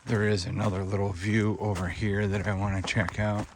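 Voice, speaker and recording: A man's voice: on the low side, moderate pace, slight background noise. A man narrating a casual hiking vlog outdoors on a park trail, chatting to viewers as he walks. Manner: relaxed, chatty, talks to viewers while hiking. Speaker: hiking vlogger.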